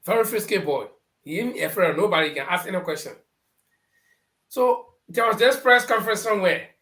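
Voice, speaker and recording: Middle-aged Liberian male panelist, lively storyteller, echoey room. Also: sits high, fairly quick. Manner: animated anecdotes, acting out quoted people. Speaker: panelist on a talk show. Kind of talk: storytelling political commentary.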